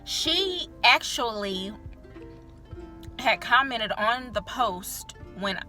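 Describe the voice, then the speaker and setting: A woman's voice: on the high side, expressive, drawn-out words, sharp tone, soft background music. A young woman vlogger telling a candid personal story in a chatty, filler-heavy way, swearing freely.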